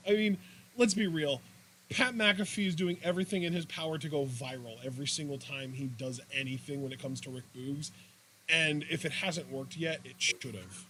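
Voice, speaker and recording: A man's voice: fairly high pitch, a bit bright, slight background noise. A young man co-hosting a wrestling podcast, talking bluntly and heatedly with lots of swearing. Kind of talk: casual profane chat.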